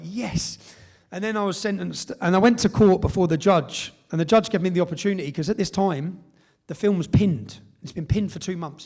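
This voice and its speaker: Speaking with a high voice, vocal fry, and a warm tone, a middle-aged British man addresses an event hall live. He tells his story with emphasis, frequently ending sentences with "yeah?".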